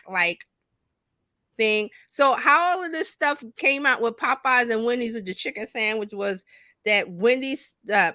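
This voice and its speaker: A woman marketing coach talking casually on a podcast, animated and chatty, laughing often. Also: sits high, no room sound.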